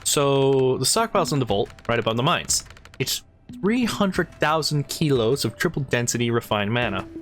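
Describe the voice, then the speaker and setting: A man narrating a tactics game, reading each character's lines aloud in his own voice at a middling pitch. He slips out of the script now and then to chat. Faint music sits under his voice. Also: lively intonation, moderate pace, fairly bright tone. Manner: reads lines aloud with chatty asides. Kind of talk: casual let's-play narration.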